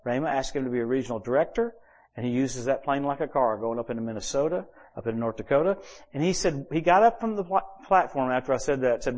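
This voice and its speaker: A man preaching at a church service, telling personal stories and acting out quoted dialogue with sudden jumps in loudness. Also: medium pitch, fast talker. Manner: animated storyteller who acts out quoted dialogue with sudden shifts in loudness. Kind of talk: sermon storytelling.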